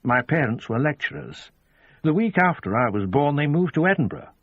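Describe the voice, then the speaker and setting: A man's voice: a little high, lively intonation, moderate pace, no echo, voice pushed up. A man voicing a guarded woman detective. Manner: guarded, dry replies. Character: female detective, guarded and dry-witted. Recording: dull lo-fi audio.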